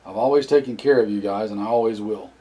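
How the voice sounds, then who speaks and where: A man's voice: lowish voice, quick pace, warm tone, lightly acted. A man voicing a stubborn, defiant family man. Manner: defiant, insistent. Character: stubborn local man fleeing with his family.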